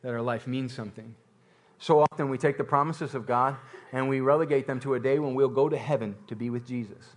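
A man's voice: mid-range voice, steady tone, a little fast. A man preaching a sermon, repeating phrases and building intensity, with occasional laughter. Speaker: pastor.

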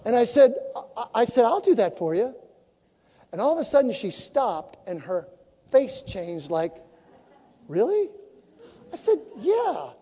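A woman preaching a sermon as a story, animated and acting out the conversations she tells. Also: on the high side, measured pace, husky, big-room sound.

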